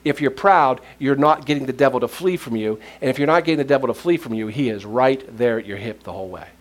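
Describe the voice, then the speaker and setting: A man preaching a sermon in a mid-pitched voice. He tells stories and laughs often as he goes, and he sinks to a near-whisper at tender moments. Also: fast talker. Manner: laughs often while speaking.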